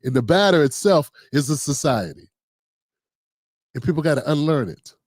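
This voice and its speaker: Recorded without echo, a Maryland man hosting a livestream talks in a fairly high, darkish-toned voice with lively intonation at a moderate pace. His casual monologue often includes "you know what I'm saying."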